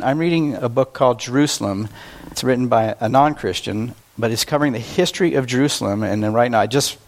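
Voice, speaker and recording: A man preaching a sermon to a congregation, talking in a casual, self-deprecating way and slowing down to stress key phrases. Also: medium pitch. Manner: conversational and self-deprecating, with emphatic slowed phrases. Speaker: pastor.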